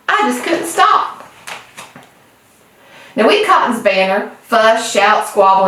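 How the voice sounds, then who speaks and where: A woman reading a children's storybook aloud in a folksy, lively storytelling manner. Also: on the high side. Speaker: storybook reader. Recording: echoey room, distant mic.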